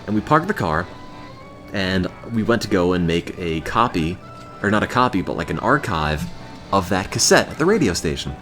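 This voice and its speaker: Low-voiced deadpan young man. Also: normal speed, faint music behind. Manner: deadpan monotone, with bursts of exasperated ranting. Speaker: streamer. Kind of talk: casual chat on a live stream.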